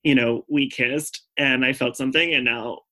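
A man's voice: medium pitch, steady tone, normal speed, sharp tone. Candid man telling a personal story. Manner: chatty, full of "like" and "um" fillers; earnest and candid.

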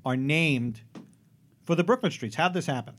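A man's voice: a little high, moderate pace, fairly bright tone. Jokey male radio host. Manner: jokey, rambling with restarts. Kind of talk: joking radio banter. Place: radio studio.

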